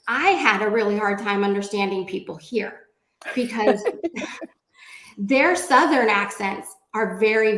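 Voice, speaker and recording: Chatty woman panelist in an echoey room. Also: medium pitch. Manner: chatty, many fillers and restarts. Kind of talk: round table discussion. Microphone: video call.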